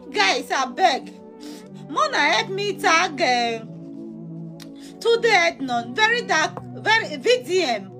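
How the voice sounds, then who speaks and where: A heartbroken young woman abroad wails in a piercingly high, wildly swooping voice, as a woman acts her out, her Nigerian accent thick as she begs. Her sobs tip into laughter. Music plays under the comic skit. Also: full character voice. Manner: wailing plea mixing sobs and laughter.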